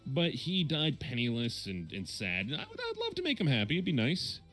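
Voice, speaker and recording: A man's voice: mid-range voice, huge pitch swings, a little fast, fairly bright tone, faint music behind. A man with a Midwestern American accent, hosting a casual chat stream and rambling with lots of fillers and self-corrections.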